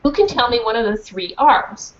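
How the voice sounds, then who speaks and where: A woman's voice: a little high, lively intonation, moderate pace, lightly acted. A woman reading as a patient class teacher. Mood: encouraging. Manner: asks the class questions, encouraging. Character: kind female dog-class teacher, patient. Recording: dull muffled recording with faint hiss.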